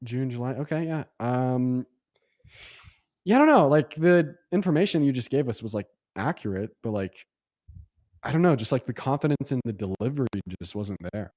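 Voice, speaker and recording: A man's voice: medium pitch, expressive, moderate pace, a little mellow, no echo, clean studio sound. A young adult man hosting a livestream debate, casual and rambling with lots of fillers, often sarcastic.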